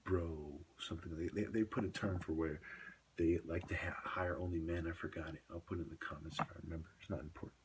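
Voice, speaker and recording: A man's voice: deep voice, fairly even intonation, fast, slight background noise. A man talking straight to camera in a long, rambling monologue, dropping into whispers for asides. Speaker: video blogger.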